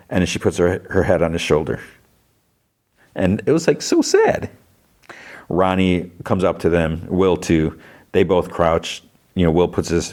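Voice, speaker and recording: A male podcast host casually recapping episodes, talking loosely with many fillers and acting out quotes in a raised voice. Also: deep voice. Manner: loose delivery with frequent fillers.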